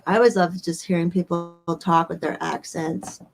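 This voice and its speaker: A woman's voice: lowish voice, level tone, normal speed, gravelly, soft background music. Easygoing woman hosting a chat stream. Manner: easygoing, hedging with "like" and "I mean". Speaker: livestream host. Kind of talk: casual chat.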